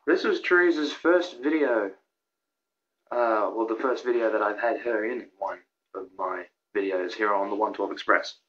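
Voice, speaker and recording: A young man rambling excitedly through a countdown of his own videos, with lots of restarts and fillers. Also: fairly low pitch, moderate pace, highs cut off. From Australia. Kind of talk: casual vlog commentary.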